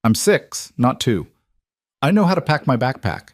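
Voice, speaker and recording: A man voicing a bright six-year-old girl who talks in a matter-of-fact, earnest way. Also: mid-range voice, big pitch swings, moderate pace, dry recording, pitched above the performer's own voice.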